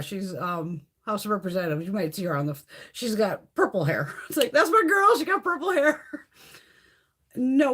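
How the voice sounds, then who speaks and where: Foul-mouthed ranting woman, very lively pitch. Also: breathy edge. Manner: profane, ranting, blunt; laughs often while talking. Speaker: beauty livestream host. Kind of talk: casual live-stream chat with viewers.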